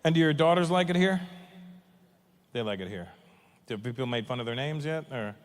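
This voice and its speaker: A man chatting with someone in the audience in a wry, low-key way. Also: lively intonation, brisk. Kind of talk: crowd work. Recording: hall reverb with faint noise.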